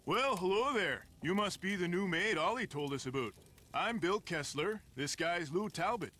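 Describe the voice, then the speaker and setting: An actor playing a friendly, teasing lodge guest in a video game, speaking with a Canadian accent. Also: male voice, sits high, expressive, normal speed, pushed and bright, a little hiss or hum. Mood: jovial. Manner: folksy, teasing. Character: friendly middle-aged male lodge guest, jovial joker.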